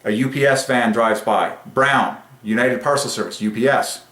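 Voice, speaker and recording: A man hosting a religious numerology channel, speaking in an excited monologue that swings between rapturous bursts and quiet musing. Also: mid-range voice, normal speed, reverberant.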